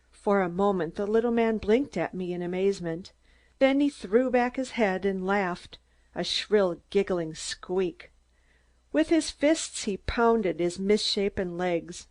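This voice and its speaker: Female audiobook narrator, measured scripted storytelling. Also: medium pitch, expressive, darkish tone.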